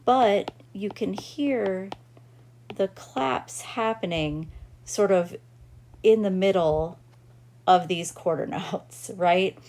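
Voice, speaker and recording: A woman's voice: mid-range voice, takes it slowly, darkish tone, a little hiss or hum. A woman teaching a music lesson, explaining rhythm counting patiently and reassuringly, and counting the beats aloud. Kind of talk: classroom-style music lesson.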